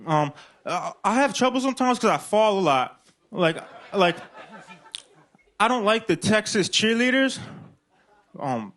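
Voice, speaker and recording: Halting, deadpan thirty-something man. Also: sits high. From Illinois. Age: 30s. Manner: hesitant, mumbling, many fillers, deadpan. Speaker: comedian being interviewed. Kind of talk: slow halting comedy chat. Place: live comedy club stage.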